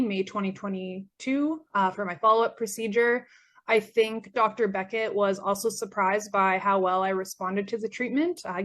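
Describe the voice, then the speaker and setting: Young woman from Canada, mid-range pitch, earnest grateful testimonial, voice a bit worn. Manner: earnest, grateful, with frequent fillers. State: losing her voice. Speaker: former patient. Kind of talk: personal testimonial.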